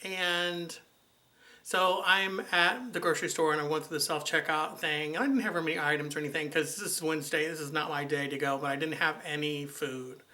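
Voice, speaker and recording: A man's voice: on the high side, pushed and bright. A man telling an exasperated, sarcastic story about running into his ex, in a chatty vlog style. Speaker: vlogger. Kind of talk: casual storytelling to camera.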